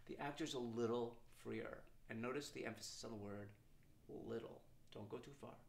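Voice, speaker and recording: A man's voice: medium pitch, normal speed, gravelly, background noise. A middle-aged man, a composer, explains how to perform his score in an informal lesson, breaking into sung lines to demonstrate. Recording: roomy sound with loud piano playing.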